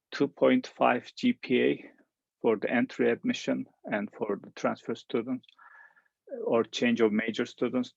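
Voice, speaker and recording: Man, Turkish native, hesitant professor, husky and gravelly voice, dry lo-fi audio. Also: mid-range voice, no room sound. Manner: hesitant, with many "uh"s. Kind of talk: presenting a program in a webinar.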